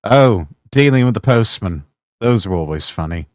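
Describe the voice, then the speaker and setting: A man streaming, chatting casually about clips he is watching in a relaxed, musing way. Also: on the low side, normal speed, slight background noise. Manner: relaxed, musing, chuckling asides. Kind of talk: casual reaction commentary.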